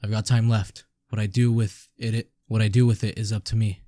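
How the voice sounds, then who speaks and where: A man's voice: lowish voice, flat delivery, a little fast, warm tone, no room sound, studio quality, close to an everyday voice. A man reading as a weary wandering swordsman. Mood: resigned.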